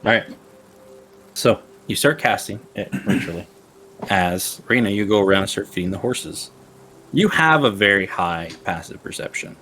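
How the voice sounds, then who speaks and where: A man's voice: on the low side, animated, moderate pace, fairly bright tone, a little hiss or hum. A man running a tabletop game as game master, narrating playfully and laughing often.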